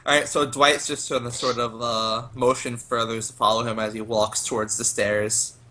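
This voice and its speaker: A man playing in a tabletop role-playing game, excitedly narrating his character's actions and shouting out his lines. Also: medium pitch, moderate pace. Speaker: player.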